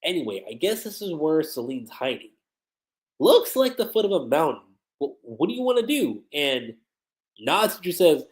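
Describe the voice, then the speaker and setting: A man's voice: a little high, sing-song, normal speed, darkish tone, rough recording. A man giving a casual livestream review of an anime episode, retelling scenes and quoting the characters.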